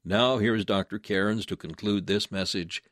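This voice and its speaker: A man announcing a radio program in measured, scripted narration. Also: fairly low pitch, a bit bright, dry recording, studio quality.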